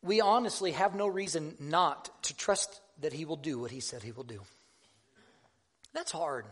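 A man delivers a sermon in a high, light voice. He talks like he's chatting with friends, pokes fun at himself, and often stops to restart a thought. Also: a bit bright. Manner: conversational, self-deprecating, halting restarts. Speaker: preacher.

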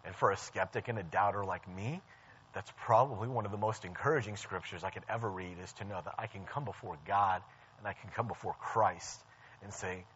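A man's voice: fairly low pitch, fairly quick, a bit bright, a little hiss or hum. A young man preaching a sermon in a conversational storytelling way, often restarting his sentences. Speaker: church staff preacher. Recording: dull lo-fi sound.

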